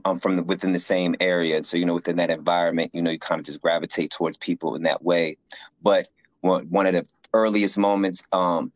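A man with a low voice tells his stories in a casual talk, full of fillers and animated retellings. The sound is dry and somewhat dull. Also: no room sound. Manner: animated storyteller, acts out quoted voices, frequent fillers. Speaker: guest sharing life story. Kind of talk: casual conversation.

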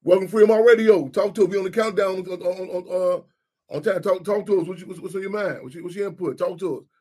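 A man's voice: high voice, fairly even intonation, quick pace, a little mellow, husky. A middle-aged man hosting a talk radio show, rambling and repeating himself, often asking "you know what I'm saying". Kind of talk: casual talk radio discussion.

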